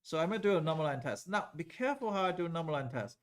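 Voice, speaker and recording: A man's voice: fairly high pitch, lively intonation, rapid-fire. A man teaching calculus to a live class in a loose, conversational way, often checking whether students follow.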